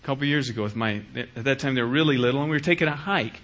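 A middle-aged man preaching a sermon as pastor, acting out little dialogues in an animated way. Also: mid-range voice, very fast. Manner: animated, acts out dialogues with shifting voice.

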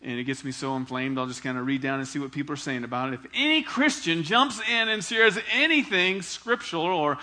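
A man preaching a sermon as pastor, animated and acting out the dialogue he quotes. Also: on the high side, fairly quick, hardly any pauses.

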